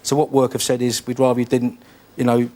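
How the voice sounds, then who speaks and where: A man's voice: medium pitch, monotone, a little fast, mellow, a little hiss or hum. Chatty man telling stories. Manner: chatty storyteller, tumbling restarts. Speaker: chat show guest. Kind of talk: telling an anecdote and a joke. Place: TV studio.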